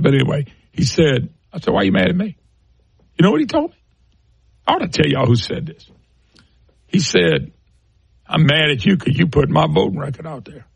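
A man's voice: fairly high pitch, creaky, husky, no echo. A middle-aged man hosting a political talk radio show, ranting scornfully and firing off rhetorical questions.

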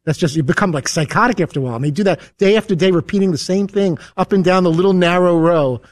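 A man's voice: high voice, no room sound. A man co-hosting a radio show, rambling earnestly in casual chat. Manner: rambling, earnest, talks fast.

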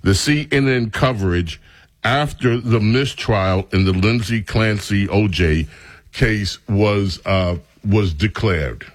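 Low-voiced radio talk show host. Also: male voice, slow, no echo. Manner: animated, sardonic.

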